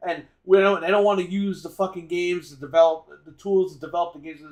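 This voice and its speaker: A man's voice: high voice, fairly even intonation, fairly quick, a little mellow. A man co-hosting a gaming podcast, ranting in a heated, profane way. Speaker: podcast co-host. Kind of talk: casual gaming podcast rant.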